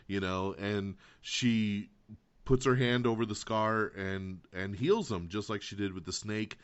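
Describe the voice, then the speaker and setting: Host, male, lower-pitched, excitable and swearing, muffled podcast recording. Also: moderate pace. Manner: animated, profane, excitable storyteller. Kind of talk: casual movie review chat. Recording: dull lo-fi podcast audio.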